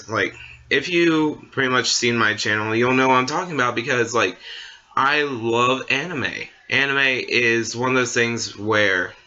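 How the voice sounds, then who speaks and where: A man's voice: medium pitch, pushed and bright, highs cut off. A young man ranting casually to camera as a vlogger, rambling along with many fillers and restarts. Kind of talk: casual opinion rant.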